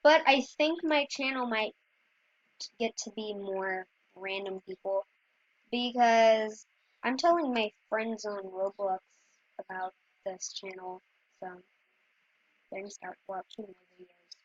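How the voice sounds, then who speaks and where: A woman's voice: mid-range voice, unhurried, pauses often, dry recording. A woman chatting to her viewers in rambling, casual gameplay commentary. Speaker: gameplay video creator. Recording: dull lo-fi dry recording.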